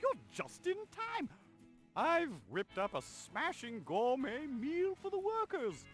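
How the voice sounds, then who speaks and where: A woman's voice: high-pitched, very animated, takes it slowly, faint music behind, exaggerated voice. A woman voicing a fussy, upbeat cook in a video game cutscene who proudly serves fancy food to her workers.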